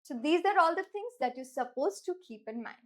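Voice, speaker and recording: High-voiced Indian English woman, clear and deliberate teacher read. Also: lively intonation. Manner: clear, deliberate, slows down to stress key words. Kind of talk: instructional lesson.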